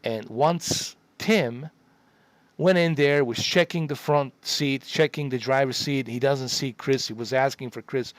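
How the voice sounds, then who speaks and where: A man's voice: medium pitch, unhurried, dry recording. A middle-aged man casually telling a story to his viewers, profane and rambling, repeating himself for emphasis.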